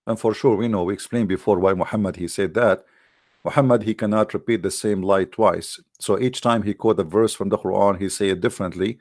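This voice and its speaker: A man hosting a live stream argues emphatically and scornfully in non-native English, addressing a live chat and repeating words for effect. His voice is lowish and a little mellow, recorded in studio quality with no echo.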